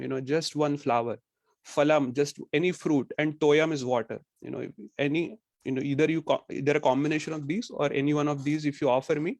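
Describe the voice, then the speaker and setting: A man giving a scripture class. He recites Sanskrit verses in a chanting cadence, then explains them in plain, halting full of "you know". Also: on the high side, no room sound. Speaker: temple class speaker.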